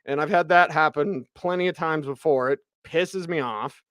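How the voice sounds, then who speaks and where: A man hosting sports radio, ranting in an animated, emphatic way about football. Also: on the high side, moderate pace, no echo, studio quality.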